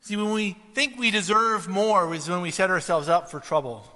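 A man preaching a sermon, telling stories and mimicking the voices in them with lively energy. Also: high-pitched, normal speed. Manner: animated storytelling, mimics voices in anecdotes. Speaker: pastor. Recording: long reverb of a hall.

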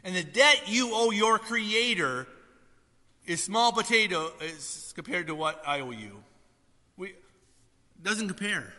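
A man preaching a sermon to a congregation, swinging between loud emphasis and soft asides. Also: high-pitched, expressive, takes it slowly, pauses often, big-room sound. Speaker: pastor.

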